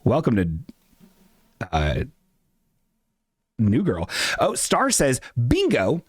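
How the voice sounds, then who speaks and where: A man's voice: mid-range voice, huge pitch swings, slow pace, slightly rough, dry recording, studio quality. A man hosting a casual livestream chat, rambling, profane and self-mocking as he reads comments. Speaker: live show host.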